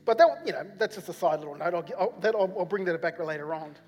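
A man's voice: fairly high pitch, fast. A man from New Zealand with a New Zealand accent, preaching a sermon as a rambling personal story full of fillers and repeats. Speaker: pastor. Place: church hall. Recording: long church hall reverb with faint music.

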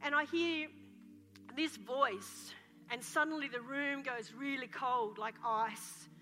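A woman pastor delivers a fervent sermon, her voice high and bright. She tells her stories with drama and sometimes breaks into joyful shouts. The sound carries a long hall reverb, with faint music behind her. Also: takes it slowly. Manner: passionate, dramatic storytelling with shouts. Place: church hall.

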